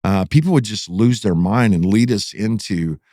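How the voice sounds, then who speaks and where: In a casual podcast interview, a middle-aged man with a Texas accent, a pastor, relives a dramatic story with mounting excitement, his voice rising as it builds. His voice sits lowish and his pace is normal. The recording is dry and clean, studio quality.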